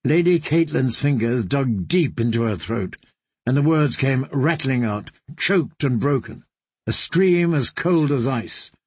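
A man reading a fantasy novel aloud with measured, grave narration. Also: mid-range voice, animated, a little mellow, slightly rough, dry recording. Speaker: audiobook reader.

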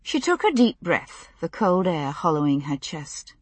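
Husky-voiced woman narrating a novel. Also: on the low side, big pitch swings, unhurried, no room sound. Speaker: audiobook narrator. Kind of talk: scripted narration.

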